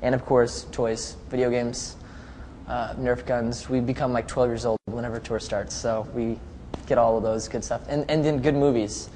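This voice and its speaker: A relaxed young man of middle pitch answers fan questions in a chatty, easygoing way, often laughing between thoughts. His voice carries a long reverb tail, and faint noise hums underneath. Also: normal speed. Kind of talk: casual live video chat.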